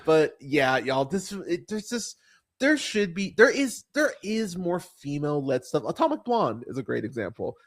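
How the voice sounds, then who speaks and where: A man's voice: fairly high pitch, sing-song, normal speed. Rambling, profane man reviewing movies. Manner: rambling, profane, laughing often, swooping into mocking voices. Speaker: podcast host. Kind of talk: casual movie review chat.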